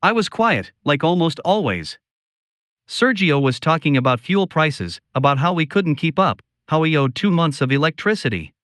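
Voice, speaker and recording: Man, storyteller, slow and solemn delivery, confiding tone, slightly high voice, dry close sound. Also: sing-song, fairly bright tone, dry recording. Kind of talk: scripted first-person story narration.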